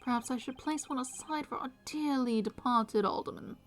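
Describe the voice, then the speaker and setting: A woman's voice: high voice, unhurried, a bit bright. A woman voicing a vain, flamboyant male fashion designer in a pompous put-on accent, with faint music behind. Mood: haughty.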